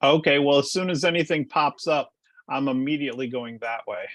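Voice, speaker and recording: A man's voice: mid-range voice, steady tone, brisk, fairly bright tone, dry recording. A man playing a tabletop game, plainly announcing where his character moves. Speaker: player. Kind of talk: casual tabletop play.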